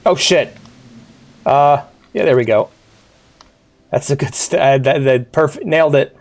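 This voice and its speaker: A streamer with a cough, chatting casually over live gameplay and shouting at the little on-screen character. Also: medium pitch, unhurried. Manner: animated, yelps and shouts at the game character. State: sick, coughing. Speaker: VTuber game streamer.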